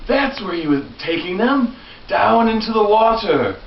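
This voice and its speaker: A man's voice: high voice, sing-song, a little slow. A man telling his young nieces a made-up fairy tale in a playful way, often chuckling. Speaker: uncle telling a story to young children. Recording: distant, muffled, echoey, loud hiss.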